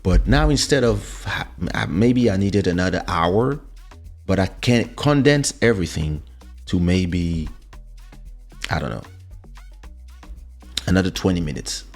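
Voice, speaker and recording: A low, husky-voiced man telling a personal story with lots of swing in his voice. He gets excited, repeats words and jumps high. Faint music plays behind him. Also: unhurried, pauses often. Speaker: show host. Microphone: studio USB microphone.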